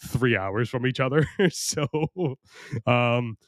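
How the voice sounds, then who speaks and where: A man's voice: mid-range voice, takes it slowly, no echo, clean studio sound. A young American man hosting a solo podcast, rambling and crude and mocking himself, his voice strained and worn from recording. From United States. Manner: rambling, crude, self-mocking, frequent restarts. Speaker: podcast host.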